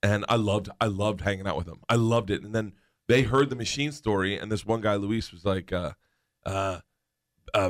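A man guesting on a talk show, telling animated anecdotes with frequent laughter and acted-out voices. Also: on the low side, a little fast. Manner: animated, laughs often, acts out voices in stories. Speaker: guest storyteller. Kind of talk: casual chat, anecdote telling.

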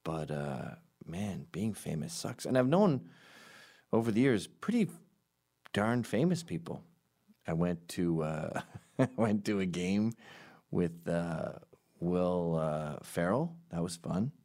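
A man with a very low voice that still swings widely in pitch, riffing through a comedic monologue. He rambles and undercuts himself with dry, sarcastic asides. When he quotes other people, he jumps into loud, high voices. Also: expressive, takes it slowly.

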